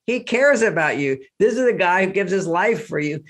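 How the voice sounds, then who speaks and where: An older man with a somewhat high voice talks casually as a guest in an interview. He gets animated and acts out quoted speech to make his point. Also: brisk, few pauses. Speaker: relationship author, guest.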